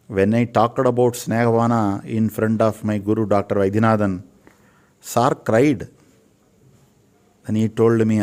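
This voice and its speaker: Older man, Indian English accent, low voice, earnest guest sharing wisdom. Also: measured pace, pauses often, darkish tone. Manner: preachy, repeats phrases for emphasis. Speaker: Ayurvedic physician interviewed as guest. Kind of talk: earnest spiritual talk.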